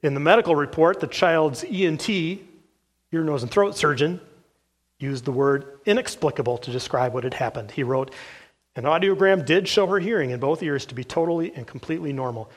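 Pastor reading aloud in a sermon. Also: male voice, a little high, brisk. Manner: earnest, steady reading with filler "uh"s.

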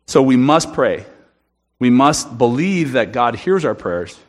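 A man's voice: mid-range voice, sing-song, slow pace. A man giving an earnest, emphatic sermon testimony in a church room, often restarting his sentences. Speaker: guest speaker at a church.

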